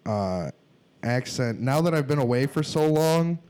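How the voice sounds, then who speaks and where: A man's voice: medium pitch, expressive, a little mellow, clean tone. A man from Wisconsin with a Midwestern accent, chatting casually on a podcast, often restarting his sentences. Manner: halting, many restarts and laughs. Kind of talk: casual chat.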